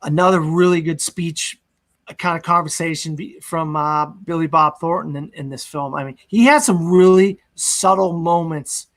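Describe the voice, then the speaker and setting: Young male co-host, a bit high, rambling plot recap, casual. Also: moderate pace, fairly bright tone. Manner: rambling recap with fillers, acts out quotes. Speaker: podcast co-host. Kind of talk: casual movie discussion.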